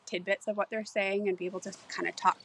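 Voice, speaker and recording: A woman co-hosting a casual podcast chat, giggly, excitable and self-mocking. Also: mid-range voice, fast talker, slight background noise. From Canada. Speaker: podcast co-host.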